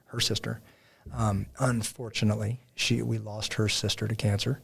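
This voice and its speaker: Male podcast host with a gravelly, somewhat husky voice; animated, rambling chat. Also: fairly low pitch, moderate pace. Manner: rambling, animated storyteller with many fillers. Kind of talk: casual faith podcast chat.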